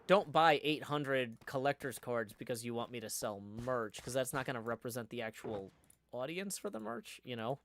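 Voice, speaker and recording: A man's voice: mid-range voice, expressive, normal speed, fairly bright tone, slight background noise. A man chatting casually on a live stream, reading viewer comments aloud and answering them in a rambling way.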